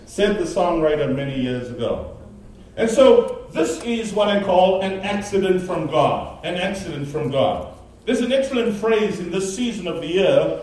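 A man preaching a sermon, telling a story with animated, emphatic delivery. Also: sits high. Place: church sanctuary. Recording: very echoey, distant mic in a large room.

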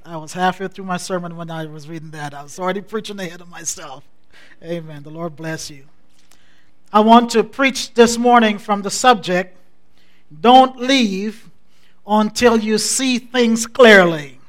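Pastor guy preaching slow, high bright voice, repeats his big line over and over. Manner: repetitive, rising preaching cadence; measured, soft-spoken scripture introduction. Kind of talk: sermon.

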